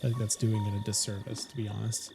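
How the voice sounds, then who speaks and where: A man's voice: lowish voice, level tone, fast talker, vocal fry, over music. A man live-streaming a game, chatting loosely with his viewers, often stopping to correct himself. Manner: rambling, self-correcting, talks to chat. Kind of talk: casual live-stream chat.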